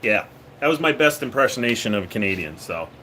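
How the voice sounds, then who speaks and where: A man's voice: fairly low pitch, very animated, fast talker, sharp tone, a little hiss or hum. A man from Maine, hosting a casual livestream chat, joking and laughing often and letting his sentences trail off. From Maine, USA. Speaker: livestream host. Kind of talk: casual live chat with viewers.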